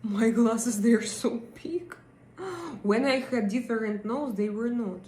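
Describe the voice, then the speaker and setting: A woman with a Russian accent chats slowly with viewers on her live stream, hesitating often. Her words come out unhurried and full of pauses. She is recorded in an echoey room with faint ambience behind her. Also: a little high, steady tone, mellow, a little hiss or hum. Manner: chatty, hesitant, many fillers. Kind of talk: casual live chat reading comments. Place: home in Denmark.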